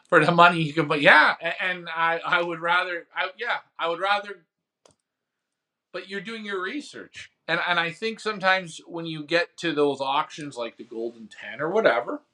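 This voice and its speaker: A man's voice: fairly high pitch, moderate pace, pushed and bright. A man hosting a pigeon racing show, telling a rambling story about an auction and answering viewer comments in casual chat. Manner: rambling storytelling, acts out phone bids. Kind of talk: casual live-stream chat.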